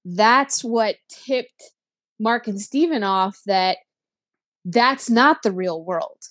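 A woman's voice: mid-range voice, takes it slowly, fairly bright tone, dry recording, clean studio sound. A woman co-hosting a podcast, leading a casual chat and handing turns to the others. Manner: conversational, leads the discussion and passes turns. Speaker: podcast co-host.

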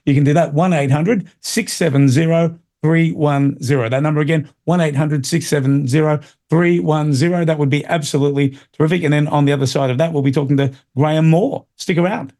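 A man's voice: a little high, darkish tone. A middle-aged Australian man hosting a talk radio show, delivering an opinionated, rambling monologue full of fillers and restarts.

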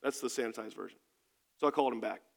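A man's voice: medium pitch, fast, creaky, big-room sound. A man preaching a sermon as pastor, speaking emphatically and putting questions to his congregation. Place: church sanctuary.

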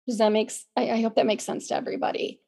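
Woman podcast host, kinda losing her voice, earnest, trips over her words a lot, bit high. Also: little pitch movement, fast talker, gravelly, dark tone. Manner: earnest, repeats words and restarts often. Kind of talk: casual podcast talk.

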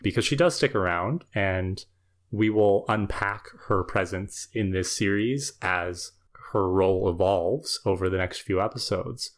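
A podcast co-host giving thoughtful, measured commentary in casual chat. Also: sits low. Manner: thoughtful, measured, uses fillers.

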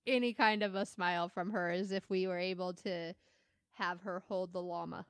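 A woman who is a mother, chatting casually as a podcast co-host, telling animated stories, laughing often and acting out what people said. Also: lowish voice, normal speed, smooth, dry recording, clean studio sound. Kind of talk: casual storytelling chat.

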